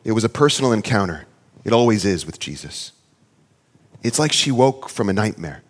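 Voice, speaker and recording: A man in his thirties preaching a sermon, earnest and storytelling, sometimes playfully animated. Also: fairly low pitch, moderate pace, big-room sound. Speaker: pastor.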